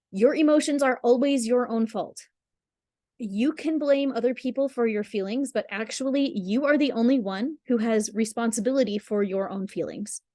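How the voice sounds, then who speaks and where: A woman coaching listeners through emotional healing and a guided visualization, in a casual, rambling way with restarts and soft laughs. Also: a little high, no echo, clean studio sound. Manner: rambling, restarts and apologizes for digressions.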